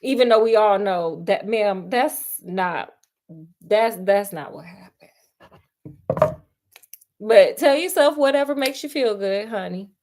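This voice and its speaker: A woman's voice: medium pitch, takes it slowly, long pauses, a little mellow. A woman retelling a story in a sassy, chatty way, calling her listeners honey and child, with frequent laughs. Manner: laughs often.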